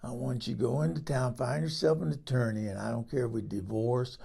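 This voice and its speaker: A man voicing a much older, plainspoken husband who talks in a quiet, halting way. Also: medium pitch, steady tone, creaky, breathy edge, pitched below the performer's own voice. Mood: earnest, apologetic.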